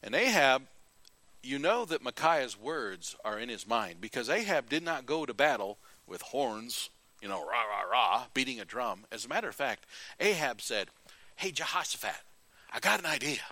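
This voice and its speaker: Bright-voiced preacher telling Bible stories. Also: male voice, medium pitch, moderate pace, no echo. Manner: animated, folksy storytelling. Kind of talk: sermon.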